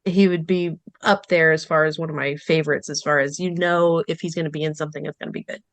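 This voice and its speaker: A chatty female podcast guest who fills her talk with "um" and "like". Her voice is unusually low for a woman. The sound is dry and close. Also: steady tone, fast talker, no room sound. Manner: chatty, many fillers like "um" and "like". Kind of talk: casual movie podcast chat.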